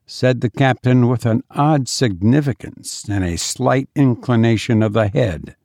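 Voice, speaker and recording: Slow, gravelly male audiobook narrator. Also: mid-range voice, darkish tone, no room sound, clean studio sound. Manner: measured, dramatic reading. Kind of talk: scripted narration.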